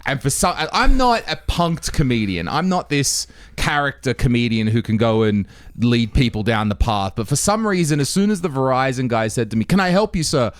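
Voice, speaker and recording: An Australian man tells a joking story as a podcast co-host. His pitch rises and falls a lot, and his voice is smooth and clear. The recording is dry and close, made in a home. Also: animated, moderate pace, hardly any pauses, no echo. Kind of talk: casual chat. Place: home, indoors.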